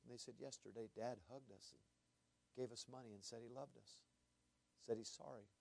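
A man, a pastor, preaching a sermon and telling a story, earnest, often repeating his words, moving between loud and hushed. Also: medium pitch.

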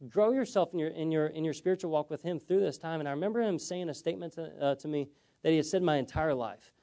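A man's voice: on the high side, fast talker, dark tone. A young man telling his personal story as a sermon to a congregation, conversational and often checking in with "okay?". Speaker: preacher. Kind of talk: sermon testimony.

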